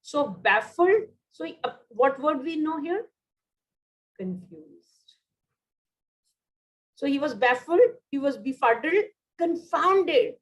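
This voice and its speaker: A woman's voice: high-pitched, animated, takes it slowly, pauses often, a bit bright, poor audio. A woman with an Indian English accent teaching a vocabulary class online, repeating key words and slipping into Hindi.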